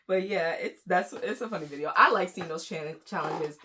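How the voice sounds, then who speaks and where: A woman's voice: lowish voice, expressive, unhurried, bright, forceful tone, a little hiss or hum. A young woman from Florida giving casual, chatty reaction commentary on short videos, with lots of fillers. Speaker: commentary YouTuber.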